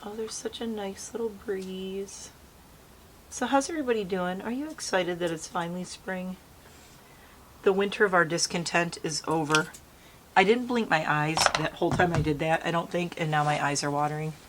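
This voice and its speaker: A bubbly woman with a slightly low voice talks her viewers through a makeup routine while sitting outdoors. She rambles in a friendly, chatty way about what she is using as she goes. A faint hum of the open air sits behind her. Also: fairly even intonation, normal speed. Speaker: beauty vlogger. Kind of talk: casual makeup tutorial chat. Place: outdoors, breezy natural light.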